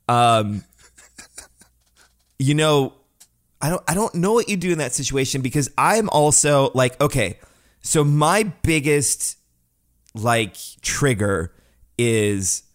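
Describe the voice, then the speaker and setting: A man's voice: medium pitch, expressive, slow, pauses often. A man co-hosting a podcast, chatting casually in a laid-back, wry, joking way. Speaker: podcast co-host. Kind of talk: casual chat.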